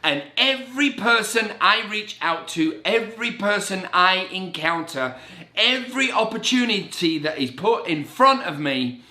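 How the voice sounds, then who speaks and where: Brief: middle-aged man, motivational talk, high-energy and caffeinated, bright edge, recorded in a roomy indoor space. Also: unhurried. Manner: animated and energetic, self-described as very caffeinated; acts out his own inner voices in quoted asides. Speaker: real estate agent. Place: indoor room with a blackboard on the wall. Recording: roomy echo.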